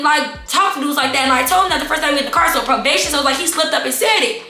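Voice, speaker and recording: A young adult woman telling a casual storytime vlog, animated and talking straight to her viewers as y'all and baby. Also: high voice, racing, reverberant, soft background music. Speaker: storytime vlogger.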